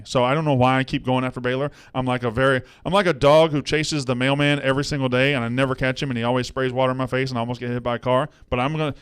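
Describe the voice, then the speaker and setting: A man's voice: medium pitch, a bit bright, clear, resonant tone. Profane, heated male sports-betting host. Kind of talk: casual sports betting chat.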